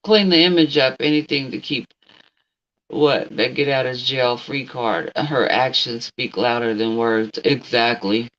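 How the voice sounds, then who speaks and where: A woman's voice: very deep voice, unhurried, fairly bright tone, muffled recording. A middle-aged woman hosting a casual livestream, blunt and outspoken, talking straight at someone who isn't there and answering her chat. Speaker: livestream host.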